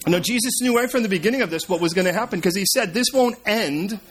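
A man preaching a sermon, retelling scripture as a story and swinging between emphatic and hushed delivery. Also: high-pitched, rapid-fire, breathy edge. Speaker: pastor.

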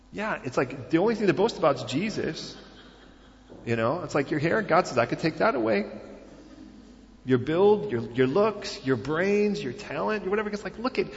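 A man's voice: a little high, big-room sound, dull audio. A man preaching a sermon in a conversational way, full of rhetorical questions and filler phrases. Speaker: pastor.

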